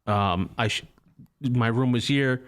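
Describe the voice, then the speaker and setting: A man's voice: medium pitch, slow, clear, resonant tone. A young man casually telling a rambling, profane story in a chat with friends.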